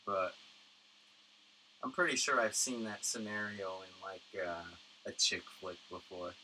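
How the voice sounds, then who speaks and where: A man's voice: fairly low pitch, measured pace, bright, forceful tone, a little hiss or hum, low-quality recording. A man from Tucson hosting a livestream, chatting casually in a profane, rambling way with lots of fillers, into a studio condenser mic. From Tucson, Arizona, USA. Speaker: livestream host. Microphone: studio condenser microphone.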